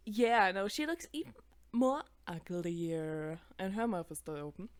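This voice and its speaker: A woman's voice: medium pitch, slow pace, music in the background. A woman in her twenties giving casual reaction commentary, chatty, swearing freely and laughing at herself. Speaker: video creator.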